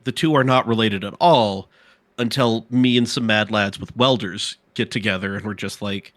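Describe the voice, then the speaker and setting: A man's voice: lowish voice, moderate pace, fairly bright tone, no echo. A man co-hosting a podcast, telling stories in casual chat with lots of animation and swearing for emphasis. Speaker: podcast co-host. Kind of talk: casual chat on a live stream.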